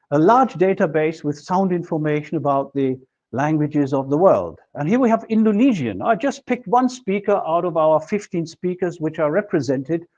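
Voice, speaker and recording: A man delivers a university lecture in a fairly high voice. He explains step by step, working through examples. The recording sounds muffled and lo-fi. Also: darkish tone. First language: German. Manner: methodical, explaining with worked examples. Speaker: linguistics lecturer.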